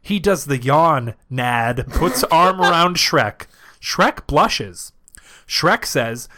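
A man with a fairly high, bright voice reads a story aloud for a comedy podcast, taking it word for word. His pitch swings widely, and his reading keeps getting broken up by giggles. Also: big pitch swings, slow pace. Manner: reads verbatim, often cracking up. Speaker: podcast co-host, narrator of fan fiction.

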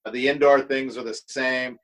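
A middle-aged man from the United States settles into a casual, rambling road story as a podcast guest. He swears freely and talks with an easy, unhurried looseness. His pitch sits right in the middle of the range. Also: fairly even intonation, a bit bright, rough recording. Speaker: guest drummer.

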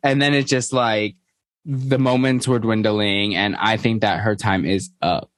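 A man's voice: on the low side, steady tone, a little slow, fairly bright tone, no echo. A man co-hosting a casual podcast, chatting playfully about a show. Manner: chatty, playful, acts out people he quotes. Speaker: podcast co-host. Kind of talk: casual recap chat.

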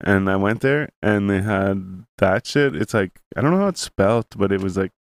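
A man's voice: on the low side, animated, normal speed, dry recording. A young man in casual chat, rambling with many fillers and curse words.

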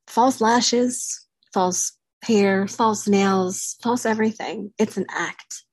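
Woman vlogger, husky and breathy, candid confessional to camera, dry close sound. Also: medium pitch, a little mellow, no room sound. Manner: candid, halting, with frequent pauses and fillers. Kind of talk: personal confessional talk to camera.

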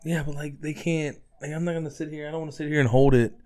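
Teasing man, smooth voice. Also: on the high side, steady tone, fast talker, darkish tone. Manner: teasing, swears freely. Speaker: podcast co-host. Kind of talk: casual banter.

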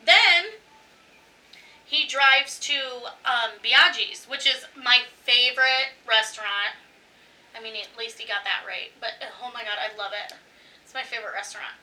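A woman co-hosting a podcast, telling a personal story in casual chat, animated, swearing freely and laughing often. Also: a little high, a little slow, distant mic, poor audio. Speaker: podcast co-host.

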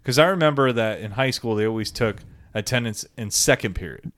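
A man's voice: medium pitch, a little fast, fairly bright tone, dry recording. A man in casual chat, chiming in with wry, teasing remarks.

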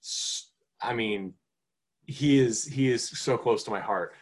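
A man co-hosting a podcast, reviewing a film in casual chat, rambling with many fillers and restarts and getting animated. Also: medium pitch, takes it slowly, breathy edge. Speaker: podcast co-host.

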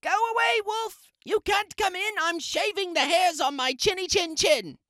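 A tiny frightened storybook pig with a squeaky, sky-high voice that squeals in frantic bursts. The sound is close and dry. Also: male voice, moderate pace, bright, forceful tone, no echo. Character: small scared male pig hiding indoors.

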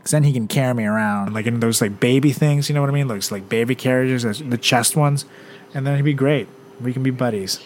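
A man's voice: mid-range voice, fairly quick. A young man co-hosting a podcast, joking and laughing often in a profane casual chat. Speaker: podcast co-host, performer.

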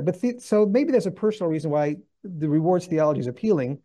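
A man teaching through a Bible book in a lively, conversational way, acting out the voices he quotes. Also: on the high side, fast talker, hardly any pauses. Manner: animated, acts out quoted voices; conversational with restarts.

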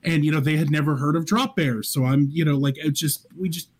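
A man with a fairly high voice chatting as a podcast guest. He tells his gaming stories in an animated way, full of fillers like "you know" and "like.". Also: a little fast, slightly rough. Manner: animated, anecdotal, filler-heavy. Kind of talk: casual chat.

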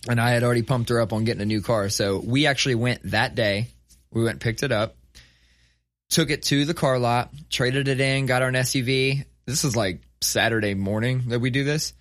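A man's voice: mid-range voice, fairly quick, no room sound. Profane storytelling man, dry sound. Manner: profane, animated storytelling with voiced quotes. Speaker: storyteller in casual conversation. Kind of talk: casual chat.

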